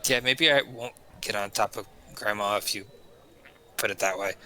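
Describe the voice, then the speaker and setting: A man's voice: on the low side, normal speed, bright, forceful tone, low-quality recording. A man playing in a tabletop game over a call, eager and brash. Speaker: player.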